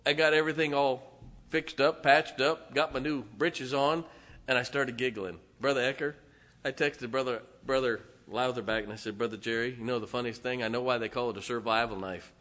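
Preacher guy telling a story from the pulpit, bright ringing voice, chatty and folksy. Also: mid-range voice, a little fast. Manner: folksy, animated storytelling with laughs and asides to the congregation. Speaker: pastor. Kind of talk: storytelling sermon. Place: church sanctuary.

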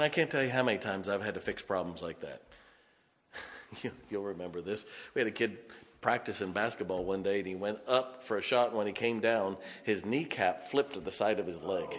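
A man's voice: on the low side, a bit bright. A middle-aged man pastor preaching a sermon, telling folksy stories and laughing often. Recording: reverberant hall.

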